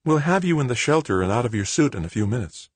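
A man's voice: medium pitch, lively intonation, fast, dry recording, pitched above the performer's own voice, natural voice. Man doing a tender young woman astronaut. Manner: soft, gentle delivery.

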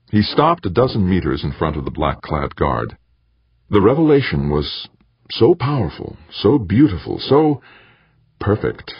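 A man narrating an audiobook in a husky voice with a dramatic, expressive reading. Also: very deep voice, dry recording, highs cut off. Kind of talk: scripted narration.

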